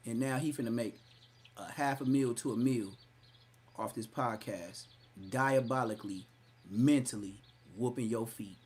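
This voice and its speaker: Dude on a live podcast clowning somebody, cussing a lot, gets loud sometimes. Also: male voice, medium pitch, a little slow, breathy edge. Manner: mocking, profane, loud outbursts. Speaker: podcast host. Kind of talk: live-stream roast commentary.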